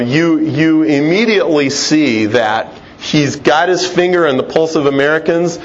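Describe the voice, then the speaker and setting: A middle-aged man giving a conversational, emphatic lecture-style talk, with frequent restarts. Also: a little high. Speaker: Christian speaker. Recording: dull lo-fi sound with faint noise.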